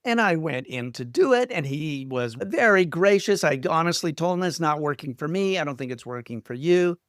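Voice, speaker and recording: Smooth-voiced Canadian screenwriter guest. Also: male voice, a little high, normal speed, dry recording, studio quality. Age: middle-aged. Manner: self-deprecating, animated retelling of quotes. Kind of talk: casual interview storytelling.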